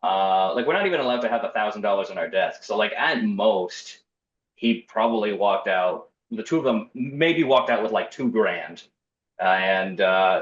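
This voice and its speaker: A man's voice: on the low side, fairly bright tone. A young man casually telling a personal story in a wry, self-deprecating way, acting out what people said. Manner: wry, self-deprecating, acts out quoted voices. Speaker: storyteller guest. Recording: roomy, slightly dull podcast audio.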